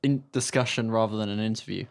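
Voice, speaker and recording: A man's voice: on the low side, steady tone, quick pace, vocal fry. A man co-hosting a podcast in casual chat, explaining ideas thoughtfully, step by step. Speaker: podcast co-host.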